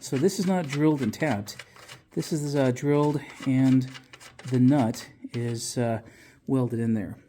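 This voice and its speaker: A man talks through his restoration project in a loose, rambling way, filling pauses with ums and letting the odd curse slip. His voice sits at an ordinary middle pitch, and he sounds slightly winded after an illness. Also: mellow, slight background noise. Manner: rambling, frequent fillers, casual swearing. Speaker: car restoration vlogger. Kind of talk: casual workshop walkthrough.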